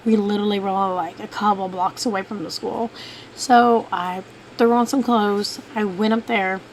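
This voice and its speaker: Rambling mom telling a story. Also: female voice, medium pitch, steady tone, normal speed, a little hiss or hum, rough recording. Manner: rambling, many fillers and restarts. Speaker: vlogger, mother. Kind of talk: casual storytelling to camera.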